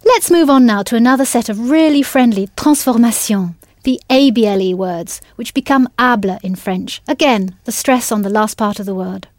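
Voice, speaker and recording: A woman with a fairly high, slightly mellow voice leads a scripted language lesson, spelling words out one letter at a time in a patient, encouraging way. She keeps a moderate pace with few pauses, and the recording is dry and studio-clean.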